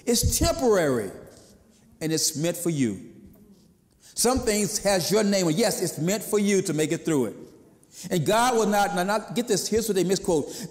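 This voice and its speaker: A male pastor delivering a sermon in an easy, conversational manner. His voice sits a bit high for a man, and it rings with a long reverb from the church around him. Now and then he slips into the voices of people he quotes. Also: animated, moderate pace.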